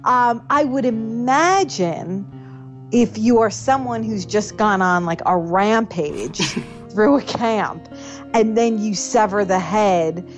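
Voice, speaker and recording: A woman with a New York accent, a guest in a casual interview, talking in an animated way, laughing often and acting out her old lines. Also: medium pitch, slow pace, soft background music. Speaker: actress guest.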